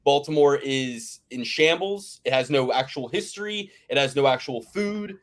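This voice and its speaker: A man's voice: medium pitch, expressive, normal speed. Philly-area guy ranting about fights and cities, swears a lot, trips over his words. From Philadelphia area. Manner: ranting, profane, rambling with restarts. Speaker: podcast host. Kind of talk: casual sports chat.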